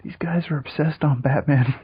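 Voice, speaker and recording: A man's voice: a little high, moderate pace, breathy edge. A man co-hosting a comedy podcast, firing off crude, profane quips. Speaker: podcast co-host. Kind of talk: casual comedic chat. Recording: lo-fi podcast audio.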